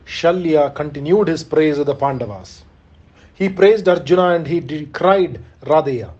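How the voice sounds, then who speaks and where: A man narrating an ancient epic, reading in a measured, solemn way. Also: fairly high pitch, warm tone, lo-fi sound. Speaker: reader.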